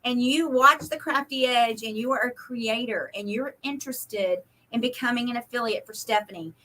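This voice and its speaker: A fast-talking woman with an Oklahoma and Texas accent chats casually on a live stream. Her voice sits a bit high and has a bright, forceful edge. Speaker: host.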